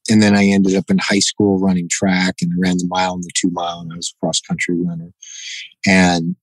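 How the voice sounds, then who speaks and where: A man's voice: low-pitched, fairly quick, dry recording, rough recording. A middle-aged man telling a story as a podcast guest, acting out the dialogue and often tossing in "you know" and "right?". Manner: animated, acts out quoted dialogue, frequent "you know" and "right?". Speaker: podcast guest, jiu-jitsu black belt. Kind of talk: casual storytelling interview.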